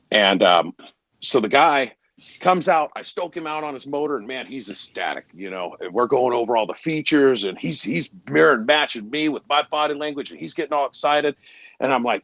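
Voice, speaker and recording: A man, a garage door salesperson, telling lively stories in a casual interview, acting out the dialogue and sometimes losing his train of thought. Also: mid-range voice, brisk, no echo, muffled recording. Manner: animated, acts out dialogue in stories.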